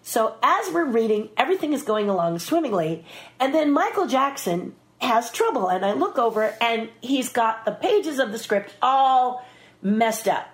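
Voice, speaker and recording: A middle-aged woman telling an animated story as a guest, jumping into quick voices for the people in it. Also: fairly high pitch. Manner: lively storyteller who puts on voices for the people in her story. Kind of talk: animated anecdote.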